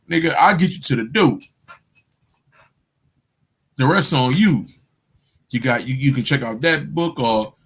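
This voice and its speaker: A man's voice: a little high, husky. Profane, laughing man spinning stories. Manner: animated, profane storytelling with frequent laughter. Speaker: spiritual guide and coach. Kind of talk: casual livestream talk to viewers.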